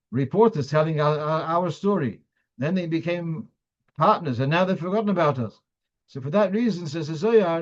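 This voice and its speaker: A man's voice: fairly high pitch, muffled recording. A man teaching a weekly halachic class as a rabbi, explaining step by step and thinking aloud with frequent restarts. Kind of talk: halachic lecture.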